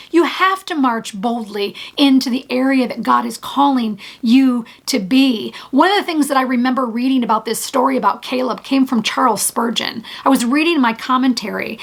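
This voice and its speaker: A woman and ministry leader giving an earnest, encouraging devotional talk, often restarting her phrases. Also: high voice.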